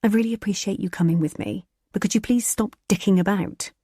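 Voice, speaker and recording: A woman's voice: mid-range voice, fairly quick, dark tone, husky, dry recording, studio quality, natural voice. A woman narrator voicing a tired, anxious young woman with a weary, pleading tone.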